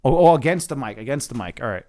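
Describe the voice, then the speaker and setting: Lively chatty man on a close mic. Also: mid-range voice, quick pace. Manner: chatty, restarts and repeats words; playful, laughs at himself. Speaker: live stream host. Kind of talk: casual chat with viewers. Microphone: close microphone.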